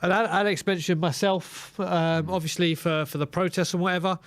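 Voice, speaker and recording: A man's voice: high-pitched, steady tone, moderate pace. A man hosting a fan show over a video call, talking casually and friendly with many stammered restarts. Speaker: host.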